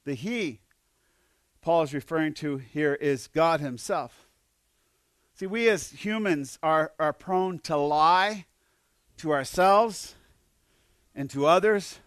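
A pastor preaching a sermon, earnest, with repeated words and sudden swings between loud and soft. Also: male voice, fairly high pitch, slow pace, pauses often, clean tone, dry recording.

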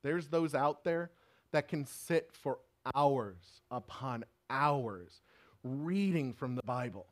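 A man's voice: mid-range voice, animated, takes it slowly. A man giving a sermon in an earnest, emphatic preaching manner.

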